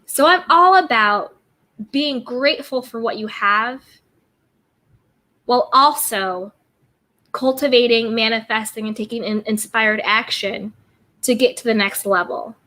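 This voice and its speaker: Her voice sits on the high side and sounds sharp, with a measured delivery and frequent pauses. She's hosting a relaxed self-care livestream, saying hello to people in the chat and echoing positive affirmations.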